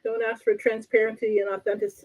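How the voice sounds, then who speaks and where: A woman's voice: a little high, flat delivery, quick pace, phone-quality sound. A woman from Canada co-hosting a relationship talk show as a coach, wry and politely blunt, often laughing. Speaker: co-host and coach.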